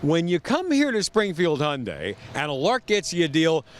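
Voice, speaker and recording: Lively joking salesy man, high and animated. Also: normal speed. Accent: Philadelphia area. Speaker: show host. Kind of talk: car dealership infomercial hosting. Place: outdoors on a car lot.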